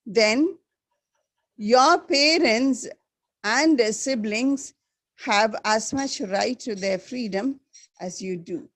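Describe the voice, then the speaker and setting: A woman teaching a school class, slowly repeating the key words for her students. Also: fairly high pitch, fairly bright tone, dry recording. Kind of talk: classroom lesson.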